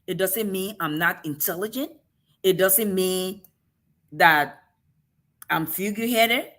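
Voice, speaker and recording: A woman's voice: medium pitch, slow pace, fairly bright tone. A woman from Africa with an African accent, hosting a casual talk-show discussion and making emphatic points with pointed rhetorical questions.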